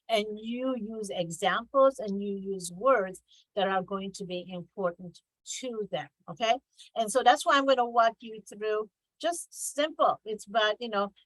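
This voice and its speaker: A woman's voice: mid-range voice, dry recording, poor audio. A middle-aged woman coach leading an online workshop, talking in a conversational, emphatic way over a video call. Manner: conversational, emphatic, reads examples with mock exaggeration. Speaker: business coach.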